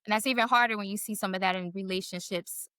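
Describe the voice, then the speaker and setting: A woman's voice: medium pitch, fairly even intonation, fast talker, sharp tone, no room sound. A woman co-hosting a podcast in casual chat, candid and laughing often, cussing freely. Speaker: podcast co-host.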